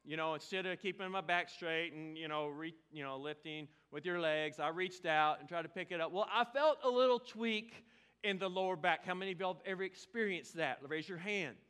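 Forties pastor, high bright voice, chatty self-mocking sermon storyteller. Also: male voice, brisk, smooth. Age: 40s. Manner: humorous, self-deprecating, chatty with congregation. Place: church sanctuary.

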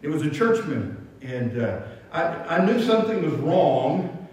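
A male pastor preaching with a fairly high voice, telling stories and often restarting his words. The sound is very echoey, caught from a distance in a large hall. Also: sing-song, a little slow, a little mellow. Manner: storytelling with stammered restarts. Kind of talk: sermon. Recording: echoey hall, mic from far off.

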